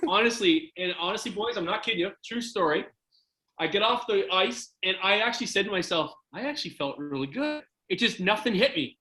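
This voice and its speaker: Canadian guy telling a story, kinda high voice, jumps around acting out the quotes. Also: brisk, reverberant, rough recording. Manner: animated, acts out quotes with jumps in pitch. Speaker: former hockey goaltender telling a story. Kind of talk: casual storytelling in an interview.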